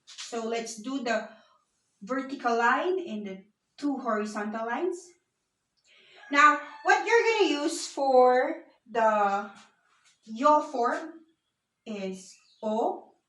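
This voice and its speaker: A woman's voice: high-pitched, animated, fairly bright tone, distant mic. A woman teaching a beginner language lesson, explaining patiently step by step. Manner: slow, patient explaining with frequent "so" and "now". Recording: echoey room, voice set back from the mic.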